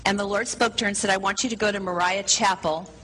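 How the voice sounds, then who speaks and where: A woman's voice: mid-range voice, fairly even intonation, quick pace, sharp tone, poor audio. A woman preaching, telling a story to a congregation in an enthusiastic, breezy manner. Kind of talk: sermon storytelling.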